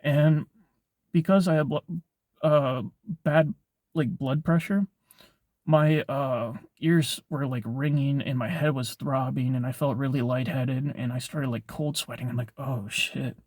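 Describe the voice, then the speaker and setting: A man's voice: mid-range voice, steady tone, measured pace, a little mellow, no echo, clean studio sound. Rambling young man telling a story. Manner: rambling, heavy filler words and swearing. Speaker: vlogger. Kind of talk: casual storytelling.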